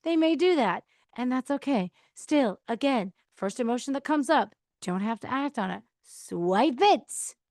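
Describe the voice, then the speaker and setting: A woman's voice: sits high, lively intonation, measured pace, a little mellow, no room sound, studio quality. Chatty woman giving casual advice. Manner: chatty, acts out quoted replies, laughs often. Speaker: podcast host. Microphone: mic on a counter.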